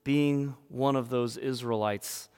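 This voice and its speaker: A man's voice: medium pitch, fairly even intonation, slow pace, a little mellow, smooth, long reverb tail. A man from the United States preaching a sermon, telling a story and acting out the voices. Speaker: pastor.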